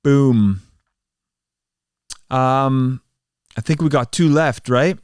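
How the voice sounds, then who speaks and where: Man, smooth voice, dry close sound, earnest livestream host, fillers. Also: mid-range voice, drawn-out words, pauses often, a little mellow, dry recording. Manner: earnest, many fillers and restarts. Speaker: channel host and worship drummer. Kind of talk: casual livestream chat and prayer.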